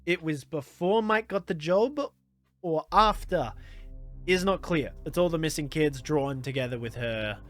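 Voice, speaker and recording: A man's voice: fairly high pitch, a little slow, faint music behind. Rambling man recapping a movie. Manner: rambling, filler-heavy, laughs often. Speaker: YouTuber reviewing a movie.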